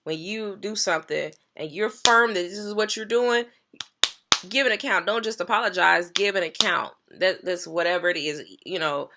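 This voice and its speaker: A woman's voice: fairly low pitch, pushed and bright, a little hiss or hum. A woman pastor sharing a personal story in an earnest, emphatic way, repeating key phrases.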